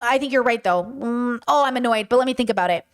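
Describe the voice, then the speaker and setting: A woman in her thirties with an American accent, hosting a casual podcast monologue, animated and swearing often as she acts out her own reactions. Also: a little high, quick pace, smooth. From United States. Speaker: podcast host.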